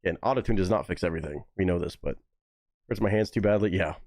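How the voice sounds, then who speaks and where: A man's voice: deep voice, quick pace, no room sound, clean studio sound. A young man hosting a live reaction stream, chatting casually, swearing freely and reading chat messages aloud. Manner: animated, profane, reads chat aloud. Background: faint music playing.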